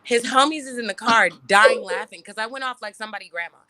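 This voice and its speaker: A woman, an interview guest, telling a story in casual, profane, animated talk and laughing often. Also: a little high, fast talker, crowd noise.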